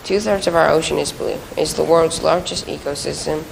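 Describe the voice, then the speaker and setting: A student delivers a recited speech earnestly, stumbling now and then. Her voice is very low with a gravelly fry. A faint hiss sits under it. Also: fairly even intonation, brisk, poor audio. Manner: earnest, some slips.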